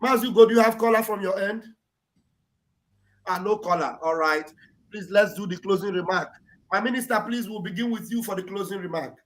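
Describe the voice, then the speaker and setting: High-pitched male live-show host. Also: a little fast. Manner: encouraging, repeats phrases. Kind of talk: live online talk show.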